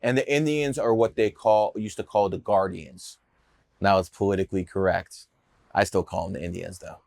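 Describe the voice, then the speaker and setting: His low voice has vocal fry and a darkish tone, with fairly even intonation at a normal speed. The speaker, a numerologist from the Cleveland area, USA, tells brash, profane, boastful stories about his career as a podcast guest. The studio-quality recording has no room sound.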